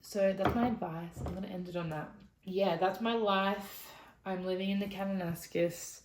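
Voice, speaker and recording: A woman's voice: mid-range voice, fairly even intonation, normal speed, echoey room, slight background noise, poor audio. A young Australian woman talking to camera in a casual, rambling advice vlog, frank and chatty. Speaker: vlogger.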